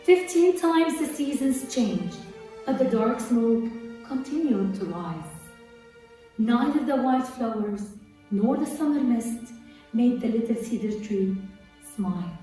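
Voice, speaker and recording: A teacher reading a children's story aloud slowly and softly. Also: female voice, fairly high pitch, expressive. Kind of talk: storybook narration. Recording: echoey room, far from mic, faint music.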